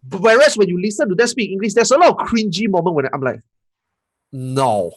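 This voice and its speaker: Animated, explaining man on a podcast. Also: high voice, very fast. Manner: animated and explanatory, with repeated words. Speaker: podcast guest. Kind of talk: casual gaming podcast chat.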